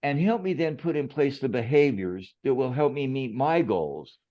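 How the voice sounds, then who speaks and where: A man's voice: medium pitch, animated, normal speed, highs cut off. A man who is a management expert, a guest on a podcast, telling reflective stories in a conversational way. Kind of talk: conversational storytelling.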